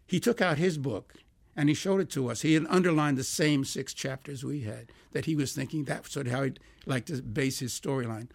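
An older man, a songwriter being interviewed, telling lively anecdotes, acting out quoted dialogue and laughing as he goes. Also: medium pitch, a little fast, creaky, husky. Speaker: songwriter guest.

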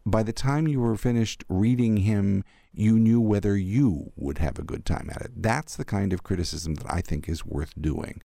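An older man, an arts critic, recalling theater memories in a thoughtful, animated interview. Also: on the low side, normal speed, vocal fry, few pauses, no room sound, studio quality. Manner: thoughtful, warmly animated storyteller. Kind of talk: reflective storytelling in an interview.

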